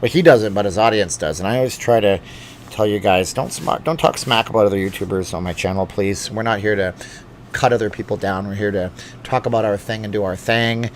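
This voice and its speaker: A man's voice: fairly low pitch, a little fast, a little hiss or hum. A man hosting a casual live chat from a home studio, joking and reading viewer comments aloud. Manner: chatty, jokey, reads comments aloud. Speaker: livestream host. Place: home studio with hot lights. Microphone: studio microphone.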